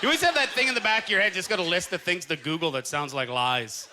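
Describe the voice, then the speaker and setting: Heard in a live club set, a high-pitched, animated Canadian comedian moves at a quick pace, laughing through his jokes on stage. Behind him, the audience is noisy and laughs loudly throughout.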